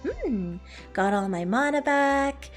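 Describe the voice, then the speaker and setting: A woman's voice: high-pitched, big pitch swings, slow pace, soft background music. A woman livestreaming as a playful dragon persona, chatting casually with viewers and giggling often. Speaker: streamer.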